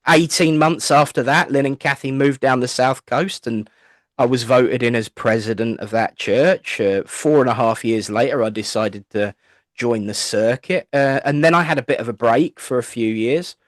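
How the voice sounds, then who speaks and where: A man's voice: mid-range voice, normal speed, dry recording, studio quality. An English man with a chatty, rambling way of telling stories, a spiritualist minister answering interview questions and acting out the voices of people he quotes. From England. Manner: chatty, rambling anecdotes with playful asides; acts out voices when quoting people. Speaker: guest, spiritualist minister and medium. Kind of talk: interview, storytelling.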